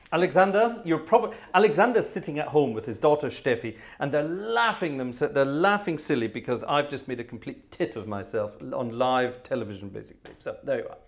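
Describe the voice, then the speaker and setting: A man's voice: medium pitch, lively intonation, a little fast, gravelly. Flustered man hosting an organ stream. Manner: self-deprecating, flustered, sighing. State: sweaty and exhausted. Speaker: organist and livestream host. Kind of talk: casual live-stream chat between pieces.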